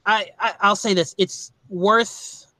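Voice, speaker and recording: A man hosting a podcast, talking casually about a movie in a rambling, halting way with many restarts. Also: high-pitched, fairly even intonation, sharp tone, no echo. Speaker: podcast host. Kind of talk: casual movie review chat.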